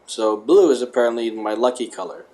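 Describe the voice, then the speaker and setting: A man's voice: mid-range voice, a little fast, mellow. A man casually reading aloud, stumbling and correcting himself, and adding wry joking asides. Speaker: vlogger.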